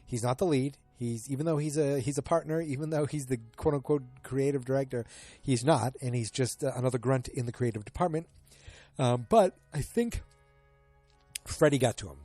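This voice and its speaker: A man's voice: medium pitch, normal speed, warm tone, no echo, faint music behind. A man hosting a podcast, casually recapping a TV episode in a rambling way with many fillers and restarts. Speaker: podcast host.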